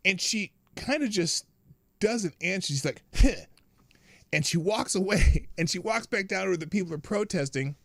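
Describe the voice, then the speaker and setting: A man hosting a live stream, telling a story in a casual, animated way, acting out the other people's lines and laughing often. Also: sits high, moderate pace, creaky, dry recording, clean studio sound. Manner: animated, acts out quoted voices, laughs often. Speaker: livestream host.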